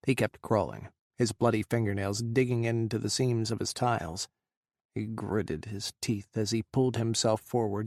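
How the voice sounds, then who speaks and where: A man reading an audiobook in a measured, dramatic narration style. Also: medium pitch, darkish tone, no echo, studio quality. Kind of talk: scripted narration.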